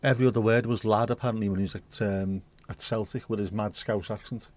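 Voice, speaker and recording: A man's voice: fairly low pitch, steady tone, fast, a little mellow. Joking man hosting a livestream. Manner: chatty, joking banter with mild swearing; reads news excerpts aloud conversationally. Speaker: livestream host. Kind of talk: casual pub-style chat.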